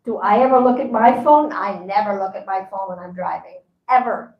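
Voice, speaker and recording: A woman with a mid-range voice and a moderate pace teaches at a spiritual seminar, talking conversationally and often acting out the voices of people she quotes. The audio is dull, with a roomy echo.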